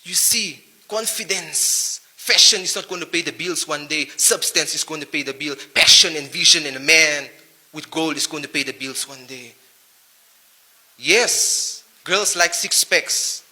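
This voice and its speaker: A man's voice: on the high side, a little slow, sharp tone. A man with a Naga accent giving a preachy motivational talk to young men, full of rhyming wordplay and rhetorical questions.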